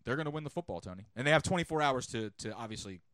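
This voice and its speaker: Fast-talking male sidekick on a podcast. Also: mid-range voice, lively intonation, fairly bright tone, dry recording, studio quality. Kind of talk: casual chat.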